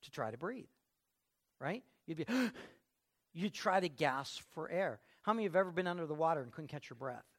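A middle-aged pastor preaching a sermon, emphatic, swinging from quiet asides to loud outbursts. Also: male voice, fairly high pitch, lively intonation, a little fast.

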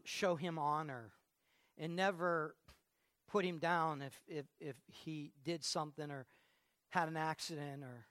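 A man's voice: fairly high pitch, a bit bright, dry recording, clean studio sound. A man preaching a sermon in a conversational way, often stopping to repeat his words. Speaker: pastor.

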